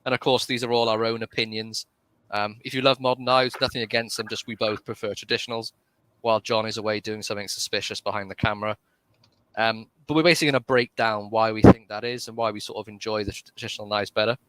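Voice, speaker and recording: A man with a British accent co-hosting a livestream, playful and quick to laugh in casual banter over a video call. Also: fairly low pitch, level tone, fairly bright tone, clean tone, no echo. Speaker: co-host.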